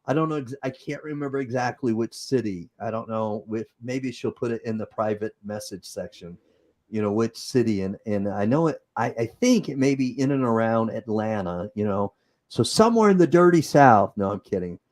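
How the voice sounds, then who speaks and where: A man's voice: on the low side, normal speed, darkish tone. A man with a Utah accent hosting a livestream, chatting casually and improvising as he reads comments. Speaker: host.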